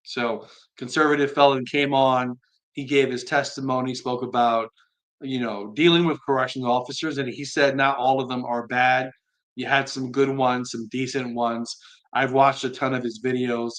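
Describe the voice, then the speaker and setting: A man's voice: mid-range voice, flat delivery. Earnest man reading viewer comments. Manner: reads viewer comments aloud and answers them plainly; earnest, soft-spoken, admits being slow tonight. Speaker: live stream host. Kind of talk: casual live stream commentary.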